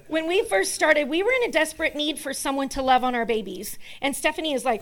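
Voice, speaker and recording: High-voiced woman making church announcements. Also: normal speed, long pauses. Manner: chatty, laughing, warm thank-yous. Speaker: pastor's wife. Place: church hall.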